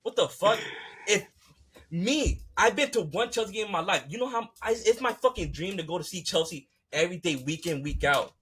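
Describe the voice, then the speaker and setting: A man's voice: high voice, animated, fairly quick, fairly bright tone, breathy edge. A man hosting a podcast, ranting in a fired-up, profane, repetitive way. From United States. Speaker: podcast host. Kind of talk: heated casual rant.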